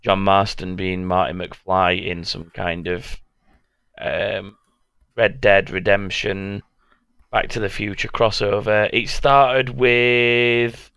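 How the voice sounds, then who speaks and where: A man's voice: lowish voice, fairly even intonation, slow, pushed and bright, smooth, dry recording. A man co-hosting a podcast, laid-back and wry, laughing often as he chats. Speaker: podcast co-host. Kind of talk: casual podcast banter.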